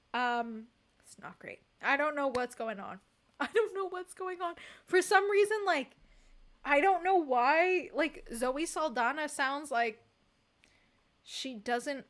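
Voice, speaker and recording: A woman streamer with a high-pitched voice chats casually on a livestream and reads from the chat. She is emphatic and expressive and laughs often.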